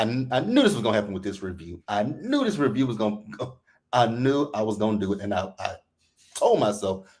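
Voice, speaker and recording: Male reality TV recap host, AAVE speech, mid-pitched, profane and exasperated, rants hard. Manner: profane, animated, exasperated, quotes people in put-on voices. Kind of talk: heated casual recap rant.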